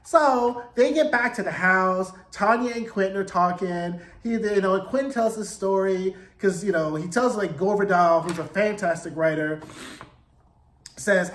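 Sassy high-voiced man recapping TV. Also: unhurried, fairly bright tone, roomy sound. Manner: sassy, profane, acts out quotes in voices. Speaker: TV episode recapper. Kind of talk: casual TV recap commentary.

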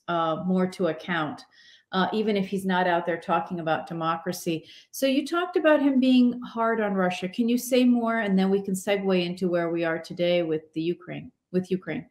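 Woman host in an echoey room. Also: fairly low pitch. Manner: sums up and asks follow-ups, with hesitant uh fillers. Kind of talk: interview questions.

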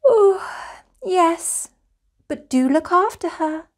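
A woman voicing a kind, gentle mother bear in a children's storybook, soothing and warm. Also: very high voice, expressive, slow pace, voice pushed up, full character voice. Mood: reassuring.

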